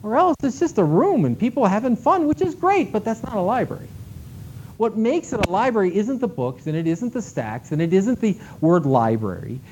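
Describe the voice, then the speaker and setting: A high-voiced man speaks at a conference, animated and emphatic, his delivery swinging from loud to hushed. The recording is dull and lo-fi, with faint background noise. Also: normal speed. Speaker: keynote speaker at a library conference.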